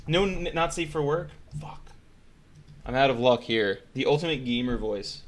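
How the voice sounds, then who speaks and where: A man's voice: mid-range voice, lively intonation, moderate pace. A man streaming casual reaction commentary, joking and swearing often.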